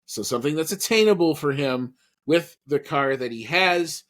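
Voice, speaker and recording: A man with a fairly high, fairly bright voice and lively intonation co-hosts a podcast at normal speed. The conversation is casual and rambling, packed with fillers and restarts.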